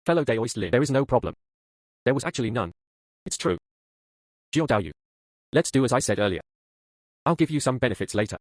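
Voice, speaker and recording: A man's voice: mid-range voice, lively intonation, fairly quick, long pauses, no room sound, clean studio sound, lightly acted. A man dubbing an earnest young cultivator. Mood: calm. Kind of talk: English dub of a fantasy drama.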